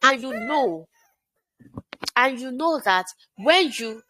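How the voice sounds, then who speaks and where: A woman's voice: sits high, expressive, slow pace, sharp tone, slight background noise. A woman coaching public speaking in a motivational lesson, emphatic and repetitive, asking rhetorical questions and answering them herself. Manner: emphatic, repeats phrases and asks rhetorical questions. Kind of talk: motivational teaching talk.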